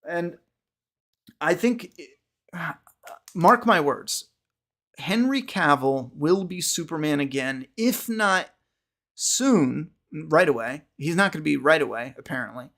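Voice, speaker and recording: Man, podcast host, casual livestream chat, rambling, restarts, swears casually, gravelly voice. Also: a little high, lively intonation, slow pace, pauses often, fairly bright tone.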